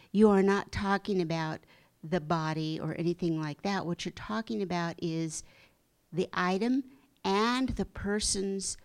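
Gentle, soft-spoken middle-aged woman teacher. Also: on the low side. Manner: gentle and reflective, slow at times, drops to a soft breathy hush. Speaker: spiritual teacher. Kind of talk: spiritual talk.

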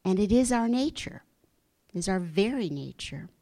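A middle-aged woman giving a gentle, reflective spiritual talk, slow at times and sometimes dropping to a soft, breathy hush. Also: mid-range voice, animated. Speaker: spiritual teacher.

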